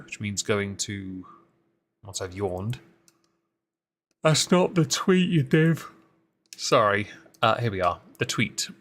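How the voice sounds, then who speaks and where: A man with a fairly low, pushed and bright voice hosts a casual live-stream commentary. He greets chat and reads through posts, dropping dry, sarcastic asides and frequent ums.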